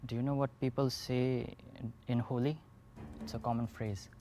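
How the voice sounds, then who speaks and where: A man's voice: mid-range voice, little pitch movement, normal speed, warm tone, a little hiss or hum. A man in his twenties with an Indian English accent, a game show contestant speaking in a playful way and dropping in Hindi phrases. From South Korea, raised in India.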